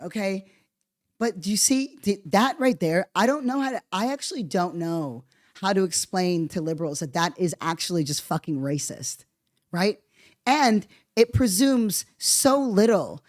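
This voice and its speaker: A woman hosting a podcast, giving heated political commentary, swearing a lot and sarcastic, at times jumping into high, mocking outbursts. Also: moderate pace, no room sound, studio quality. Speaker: podcast host.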